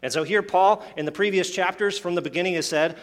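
A man's voice: sits high, quick pace. Preaching man in a reverberant hall. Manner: expository, with rhetorical questions and asides. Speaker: pastor. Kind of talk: sermon.

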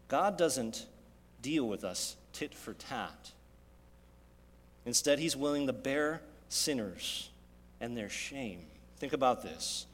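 A man preaching a sermon as pastor, with big swings between loud, raised passages and quiet, low asides. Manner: dynamic preaching with sharp swings in loudness and pitch. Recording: long reverb of a large hall.

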